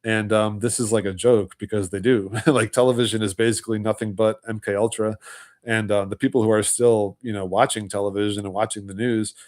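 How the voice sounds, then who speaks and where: A man's voice: fairly low pitch, flat delivery, brisk, a little mellow. A man hosting a livestream, talking in a casual, rambling way, filling his talk with "you know" and "like" and chuckling between points. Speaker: livestream host.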